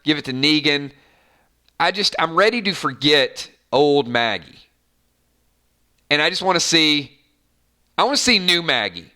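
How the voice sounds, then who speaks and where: A channel host from Georgia, a man with a light Southern accent, runs a casual, rambling fan chat in which he often repeats himself. His voice is fairly high and unhurried, with long pauses, and his manner is animated and wordy.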